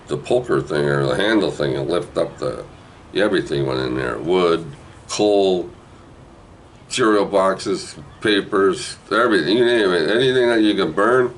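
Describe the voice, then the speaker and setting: A man's voice: deep voice, slight background noise, poor audio. A man, rambling through a childhood memory with lots of tag questions. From New Brunswick, Canada. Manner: rambling, digressive, with frequent "eh" and "right". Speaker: storyteller. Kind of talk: casual spoken memoir.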